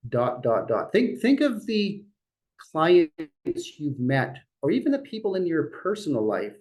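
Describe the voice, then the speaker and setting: A middle-aged man leading a real estate team meeting, talking in a lively, joking way and acting out what clients say. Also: a little high, low-quality recording. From Dutch family. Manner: lively, jokey, acts out clients' voices. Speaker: brokerage leader running a team meeting. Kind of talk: motivational meeting talk.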